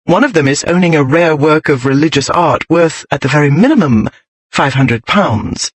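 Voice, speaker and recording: A sharp-witted young lady, cool and unruffled, as a male narrator puts her on, lifted a little higher than his own fairly high voice. Her lines come crisp, arch and precise, as in a storybook romance. The sound is dry and close. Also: normal speed, no room sound, lightly acted.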